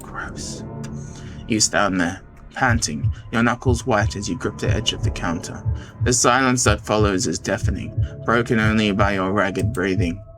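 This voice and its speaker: A man streaming a visual novel, reading it aloud dramatically with excited outbursts. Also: lowish voice, moderate pace. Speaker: game streamer. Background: game music.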